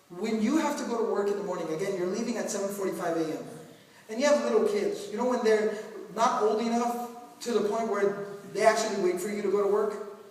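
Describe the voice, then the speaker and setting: A man giving a mosque talk in a conversational, humorous way, asking the audience questions. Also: high-pitched. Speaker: preacher. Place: mosque hall. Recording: echoey hall from far off, faint noise.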